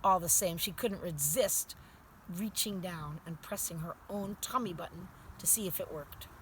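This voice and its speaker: A woman reading a children's book aloud in an expressive, animated way. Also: fairly low pitch, normal speed, slight background noise, rough recording. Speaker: reader. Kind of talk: read-aloud storytelling.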